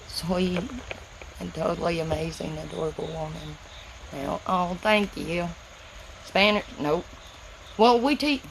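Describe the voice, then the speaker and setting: Gravelly Southern woman chatting on a live stream. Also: lowish voice, slight background noise, rough recording. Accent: Southern US, Tennessee. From Southern United States. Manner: reads viewer comments aloud and answers them, chatty, slight stutter, words run together. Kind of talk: casual live-stream chat with viewers.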